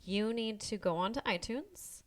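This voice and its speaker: Woman cohosting a movie podcast, chatty and loose, says like a lot, normal pitch. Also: lively intonation, unhurried. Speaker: podcast co-host. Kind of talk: casual chat.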